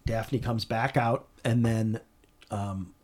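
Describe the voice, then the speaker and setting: A man being interviewed, telling a story in a conversational way, earnest and animated, with frequent restarts. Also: fairly low pitch, slow. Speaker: interview guest.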